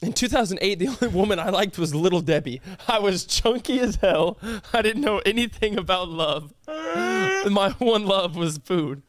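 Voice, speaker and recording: A young man with a fairly high voice, joking and firing back quick comebacks in a casual podcast chat. The recording is close and dry. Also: sing-song, no echo. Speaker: podcast co-host.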